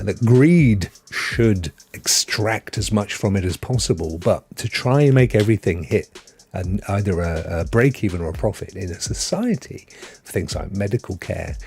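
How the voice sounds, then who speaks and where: A man with a lowish voice talks casually on a live stream, his pitch swinging widely as he goes. He answers viewers from the chat in a chatty way. Faint music plays in the background. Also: a little mellow. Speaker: streaming host.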